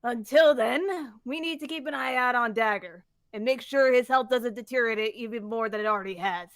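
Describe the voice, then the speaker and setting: A woman reading the lines of a female bird lieutenant in a fanfiction reading, gentle and reassuring. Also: fairly high pitch, a little fast, no room sound.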